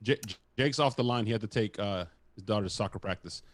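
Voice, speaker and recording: A man's voice: fairly low pitch, brisk, dry recording. A man co-hosting a fan podcast, laid-back and joking. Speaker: podcast co-host. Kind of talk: casual podcast banter.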